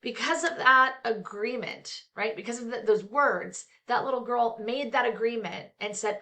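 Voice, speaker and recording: A woman's voice: on the high side, normal speed, few pauses, sharp tone. A middle-aged woman, a therapist, reading a book aloud and stopping often for frank, chatty personal asides. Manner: reads aloud then breaks off into frank, chatty asides with fillers. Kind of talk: casual book reading with commentary.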